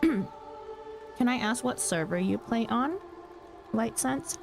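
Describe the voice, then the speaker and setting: A woman streamer, not a native English speaker, chatting in a friendly way with viewers and often clearing her throat. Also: on the high side, expressive, takes it slowly. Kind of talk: casual chat with viewers. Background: background music.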